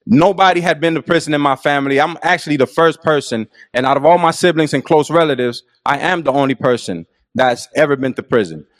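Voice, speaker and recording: A man's voice: a little high, a little fast, hardly any pauses. A middle-aged man telling his own life story in an earnest, reflective and casual way. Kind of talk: personal storytelling.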